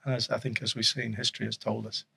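Gravelly guy, bit husky, rambling chatty guest. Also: lowish voice, little pitch movement, quick pace, bright, forceful tone. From Yorkshire, England. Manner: rambling, chuckling storyteller with many restarts. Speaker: guest, former rugby league coach and official. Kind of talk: casual podcast chat.

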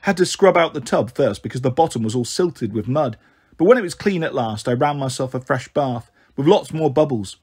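Husky man reading a children's novel. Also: mid-range voice, a little fast. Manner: steady first-person reading. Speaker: storyteller. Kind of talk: scripted narration of a children's novel.

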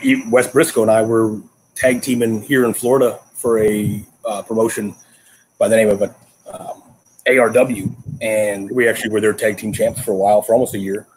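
A man talking as a guest in a casual interview, relaxed and halting as he answers. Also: on the low side, slight background noise, poor audio. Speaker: guest, former wrestler.

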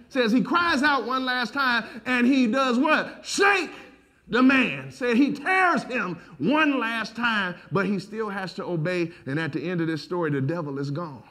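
A male pastor preaching a sermon, building from low talk to shouted lines and laughing as he goes. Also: expressive, measured pace.

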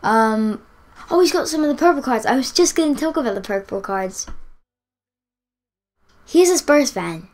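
A woman giving live commentary on a football video game, excitable, cheering and groaning as the play unfolds. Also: sits high, moderate pace, long pauses. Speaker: gaming YouTuber.

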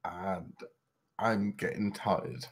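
A man playing a tabletop game, describing his character's actions in an unhurried way. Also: low-pitched. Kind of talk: casual game chat.

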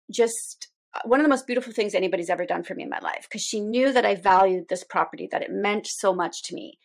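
A middle-aged woman with a gravelly, fry-edged voice, pitched in the middle range for a woman. She speaks as an interview guest, recounting her story in a heartfelt, animated way. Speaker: guest, radio show host. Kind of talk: conversational interview.

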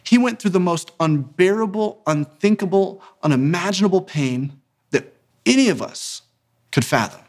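Man, sermon-style talk, earnest and emphatic, slightly high voice, slows for emphasis. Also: animated, a little mellow. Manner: earnest, emphatic, slows down to stress key words. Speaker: ministry founder and speaker.

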